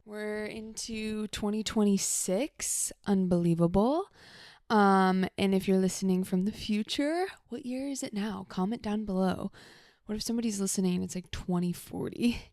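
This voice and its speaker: A woman's voice: medium pitch, normal speed, darkish tone, no room sound, clean studio sound, faint music behind. A woman hosting her own podcast from her home office, a therapist chatting casually and rambling, slightly out of breath. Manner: chatty, rambling, self-talking asides. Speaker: podcast host and mental health therapist. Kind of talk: casual solo podcast chat.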